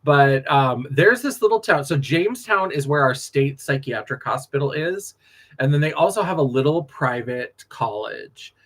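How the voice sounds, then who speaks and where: A man's voice: mid-range voice, expressive, normal speed, fairly bright tone. A man from North Dakota, a drag performer telling stories in a sassy, laughing late-night chat.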